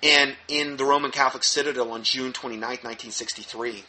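A man's voice: mid-range voice, fairly even intonation, fast talker, hardly any pauses, sharp tone. A man reading aloud from an article and breaking in with sarcastic, mocking commentary, often repeating and restarting words.

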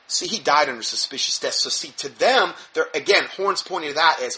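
A man reads from an article and keeps interrupting it with mocking, sarcastic remarks. His voice sits somewhat high and sounds bright and forceful. He often stumbles, repeats words and restarts his phrases as he goes. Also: animated, brisk, few pauses. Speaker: commentator reading an article. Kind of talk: sarcastic commentary on a read article.

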